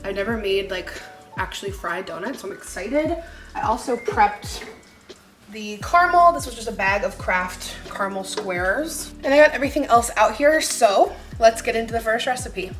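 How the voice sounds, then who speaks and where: A woman's voice: a little high, expressive, moderate pace, fairly bright tone. A young woman in her twenties chatting casually through a home cooking vlog, bubbly, giggly and poking fun at herself. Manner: bubbly, giggly and self-mocking. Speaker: lifestyle vlogger. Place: home kitchen. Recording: echoey kitchen with music underneath.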